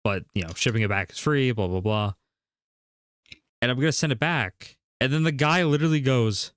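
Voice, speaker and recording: A man's voice: medium pitch, normal speed, a bit bright. A man streaming, telling a story in casual chat, rambling and full of fillers.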